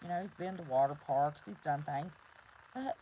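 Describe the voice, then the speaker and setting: A middle-aged woman from West Virginia talks in an earnest, preachy way and repeats points for emphasis. Her voice sits fairly low. Crickets and frogs chirp loudly behind her outdoors. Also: moderate pace, a little hiss or hum, low-quality recording. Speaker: prepper vlogger. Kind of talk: casual chat.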